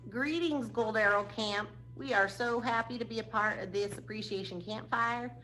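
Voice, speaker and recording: A chirpy long-lost cousin, as a woman puts her on in a camp comedy skit. The voice sits high and perky with a bright, sharp edge. There is a faint hiss behind her. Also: moderate pace, poor audio. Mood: cheery.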